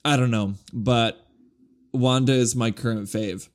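A man's voice: mid-range voice, steady tone, unhurried. A young man co-hosting a podcast, chatting casually and filling his talk with "like". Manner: chatty, peppered with "like". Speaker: podcast co-host.

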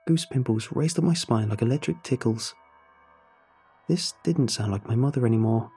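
A man narrating a horror story in a measured, suspenseful way. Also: medium pitch, mellow, breathy edge, soft background music.

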